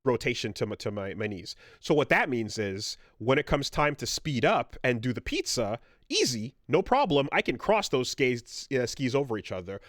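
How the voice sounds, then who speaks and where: A man co-hosting a podcast, telling a story in casual chat, animated and swearing freely. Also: medium pitch, normal speed, few pauses, no room sound, studio quality. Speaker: podcast co-host.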